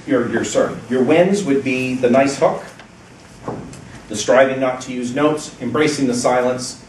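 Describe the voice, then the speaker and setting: A man giving an encouraging, measured evaluation of a speech at a club meeting, pausing deliberately between points. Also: mid-range voice. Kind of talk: prepared feedback speech. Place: meeting room, speaking at a lectern. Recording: roomy, distant, faint background hiss.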